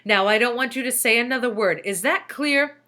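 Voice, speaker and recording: A woman voicing a strict, short-tempered schoolteacher who scolds and shouts at her class. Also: a little high, a little fast, pitched above the performer's own voice. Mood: snapping.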